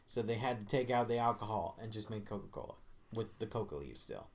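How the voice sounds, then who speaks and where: A man's voice: on the low side, expressive, a little fast, creaky. A man co-hosting a podcast in casual rambling chat, crude and full of fillers. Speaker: podcast co-host.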